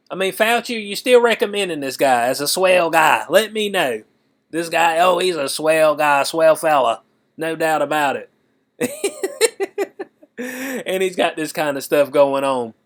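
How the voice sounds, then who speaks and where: A man giving casual political commentary on his vlog, animated and slangy, breaking into laughs often. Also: on the high side.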